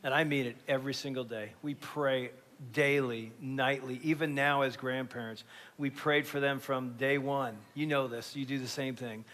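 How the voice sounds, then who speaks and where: A man in his fifties, a pastor and grandfather, telling family stories in an animated, conversational sermon. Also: mid-range voice, normal speed. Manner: animated storyteller with sudden loud jumps.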